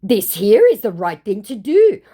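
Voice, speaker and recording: A woman voicing a male online scammer who poses as a celebrity and speaks broken English, repeating reassurances and flattery. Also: medium pitch, unhurried, pitched above the performer's own voice. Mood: insistent.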